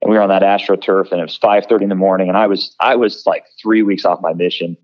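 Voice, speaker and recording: A man's voice: low voice, dull audio. A man in his thirties, a former college football player, telling stories in an interview, with many restarts and fillers. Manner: halting, many restarts and fillers, lively when quoting others. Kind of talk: conversational interview storytelling.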